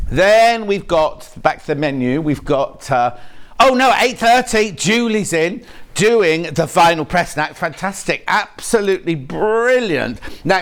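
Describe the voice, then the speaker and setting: A man whose voice is on the high side and a bit bright hosts live sales chat on a shopping channel in a TV studio. He chats and jokes with the crew and reads out messages from viewers.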